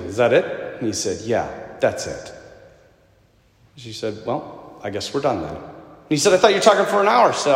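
Preacher man in an echoey hall. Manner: storytelling, swings from loud emphatic to low hushed. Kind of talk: sermon. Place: parish church.

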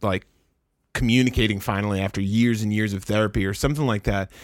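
A man's voice: lowish voice, steady tone, fast talker, dry recording. A man co-hosting a comedy podcast, chatting casually and joking around. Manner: jokey, bursts into loud laughing bits. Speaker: podcast co-host.

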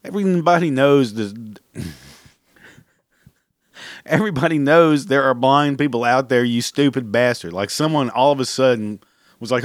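A man hosting his own podcast, venting in a loose, profanity-laced rant and chuckling at his own punchlines. His voice sits at an ordinary middle pitch. The sound is close and dry, with no room around it. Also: moderate pace, long pauses, dry recording. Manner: profane, blunt, laughs at his own jokes. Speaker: podcast host. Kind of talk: casual solo rant.

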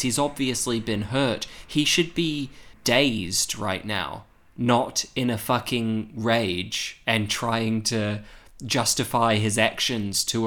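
A man recapping a horror film in casual chat, animated and profane, laughing often. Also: lowish voice. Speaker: podcast co-host.

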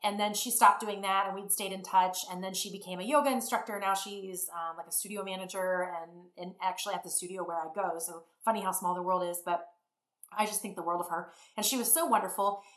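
A woman's voice: medium pitch, a little fast, roomy sound. A middle-aged woman telling a rambling story in a casual way and acting out what people said. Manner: rambling, animated, acts out quotes. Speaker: fitness business founder.

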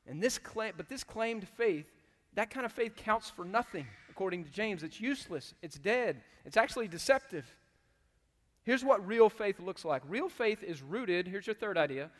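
A man preaching a sermon to his church, animated and acting out quotes with loud bursts. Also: sits high, moderate pace. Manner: animated, acts out quotes loudly. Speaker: pastor. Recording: long hall reverb.

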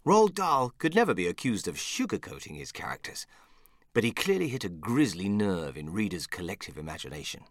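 A man's voice: fairly low pitch, sing-song, a little fast, no room sound, clean studio sound. A man narrating and hosting a podcast in a playful, theatrical way. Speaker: narrator and host.

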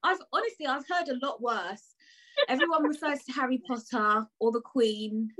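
Brief: chatty British woman podcast host, slightly high voice. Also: normal speed, fairly bright tone, low-quality recording. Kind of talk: casual interview chat.

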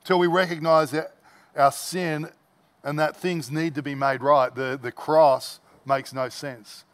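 A man delivers a sermon from the pulpit. His voice sits a little high for a man. He leans on repetition, building line on line with emphatic stress. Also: steady tone, a little slow. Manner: emphatic, repetitive preaching cadence with restarts. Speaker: pastor.

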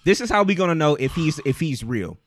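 A man co-hosting a podcast in casual banter. He swears freely, gets excited, and laughs often. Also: on the high side, a little fast, slight background noise. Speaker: podcast co-host.

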